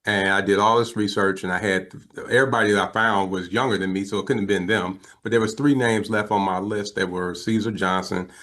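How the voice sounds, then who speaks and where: Low-voiced man telling his life story. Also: brisk, few pauses. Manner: animated storyteller who acts out quoted voices; emotional, earnest. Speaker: interview guest. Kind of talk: personal storytelling in a talk show interview.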